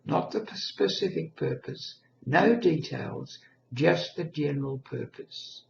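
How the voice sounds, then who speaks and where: Old man in his 80s telling a story real slow, gravelly voice, dull echoey room. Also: a little high, animated, a little hiss or hum. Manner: slow, earnest, reflective. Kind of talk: personal reminiscence monologue.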